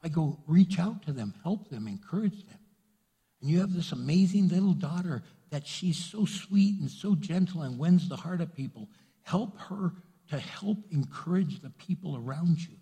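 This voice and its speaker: Husky-voiced man preaching in a reverberant hall. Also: fairly high pitch, expressive, moderate pace, dark tone. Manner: earnest, repetitive preaching, speaks directly to the congregation. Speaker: pastor. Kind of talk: sermon.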